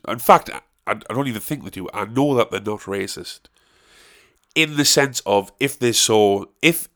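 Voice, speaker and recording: A man's voice: medium pitch, a bit bright. A young man from the North of England with a Northern English accent, ranting casually and swearing, with many repeated restarts. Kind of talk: casual monologue.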